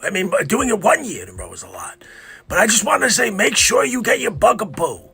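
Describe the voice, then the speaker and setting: A man putting on an elderly official's voice, pushed up high and earnest, bursting into shouts. It sounds bright and gravelly. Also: sing-song, a little fast, soft background music, exaggerated voice. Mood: earnest urging. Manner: raised, earnest, breaking into shouts. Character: impression of an elderly male health official, nasal and earnest.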